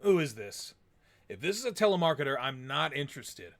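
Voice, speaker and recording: Man voicing a gruff rude man, curt, dismissive, clipped, animated pitch. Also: a little fast. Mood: hostile.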